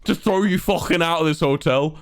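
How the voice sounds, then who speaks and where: A man's voice: a little high, a little fast, voice pushed up, lightly acted. A man putting on a furious Scouse desk clerk. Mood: angry scolding. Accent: Liverpool (Scouse). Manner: sweary, scolding, shouting. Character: angry Scouse hotel desk man, middle-aged, fed up.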